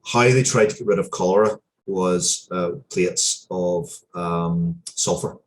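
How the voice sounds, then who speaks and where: Male interview guest, low voice, sincere and emotional storyteller with a halting delivery. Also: a little hiss or hum. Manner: earnest, heartfelt, with frequent hesitations and restarts. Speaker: interview guest, comic book writer.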